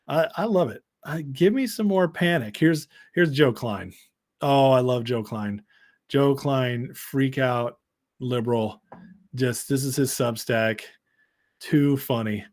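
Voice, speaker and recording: A man with a medium-pitched voice, speaking a little slowly, hosts a live-stream political commentary show. He's sarcastic, reads headlines and chat messages aloud, and laughs often.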